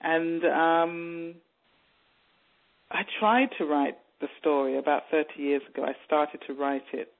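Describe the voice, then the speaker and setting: A woman author, born in Jamaica and raised in England, tells her story in a radio interview, animatedly mimicking people she overheard. Her voice is low, fairly even and a little slow, and the sound is narrow and tinny like a phone line.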